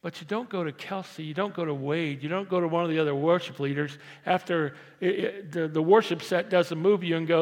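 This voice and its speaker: A man preaching a conversational sermon as pastor, moving from quiet asides to loud, emphatic repeated lines. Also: fairly high pitch, a little fast, hardly any pauses. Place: large church hall. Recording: long reverb of a church hall.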